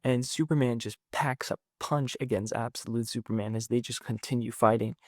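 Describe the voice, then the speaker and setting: Excitable man recapping a comic, dry sound. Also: medium pitch, normal speed, no echo. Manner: excitable, rambling, quotes characters with "he's like". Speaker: comics recap channel host. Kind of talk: casual comic book recap.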